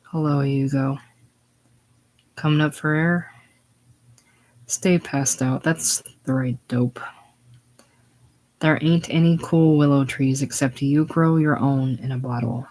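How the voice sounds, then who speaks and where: A man's voice: fairly high pitch, measured pace, pauses often. A man reading a broken old saloon keeper. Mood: dull. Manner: pleading, then flat and dull. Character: older male saloon owner, broken and spent.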